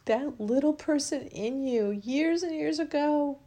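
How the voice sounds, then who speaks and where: A woman hosting a podcast and leading a guided emotional release, speaking soft repeated affirmations that drift into whispers while she is tearful. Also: high voice, measured pace, background noise. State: tearful, crying with a running nose. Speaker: podcast host.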